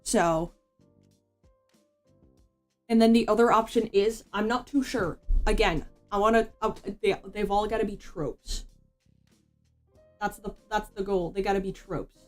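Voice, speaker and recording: A woman's voice: medium pitch, unhurried, long pauses, soft background music. A woman VTuber chatting casually while she draws, rambling in slangy speech with swearing and frequent "bro". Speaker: VTuber streamer. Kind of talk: casual commentary while drawing.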